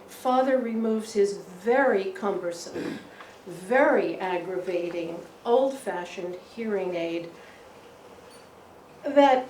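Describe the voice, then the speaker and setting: An older woman, a poet, reading a prepared memoir aloud at a memorial event, slow and expressive with occasional laughs. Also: fairly high pitch, slight background noise. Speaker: poet giving a memorial talk. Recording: echoey room, heard from a distance.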